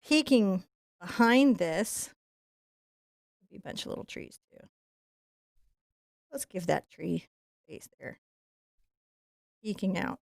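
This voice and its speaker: A woman teaching a live painting tutorial in a soft, soothing voice as she paints. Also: medium pitch, animated, slow, creaky, long pauses, dry recording, studio quality. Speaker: painting instructor.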